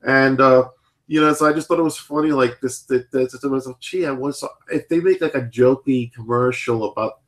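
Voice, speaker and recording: A man in his thirties chatting casually as a podcast host, rambling and filling pauses with "like" and "you know". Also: mid-range voice. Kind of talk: casual chat.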